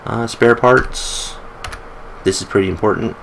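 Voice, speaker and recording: A man's voice: lowish voice, normal speed, slight background noise, low-quality recording. A man giving casual gameplay commentary, chatty, with joking asides while reading game text aloud. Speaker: let's play host.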